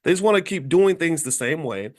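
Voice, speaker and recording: A man's voice: fairly high pitch, lively intonation, a little fast. A man from Kentucky hosting a podcast, talking emphatically with frequent restarts and repeated words. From Kentucky, USA. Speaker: podcast host. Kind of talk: passionate social commentary.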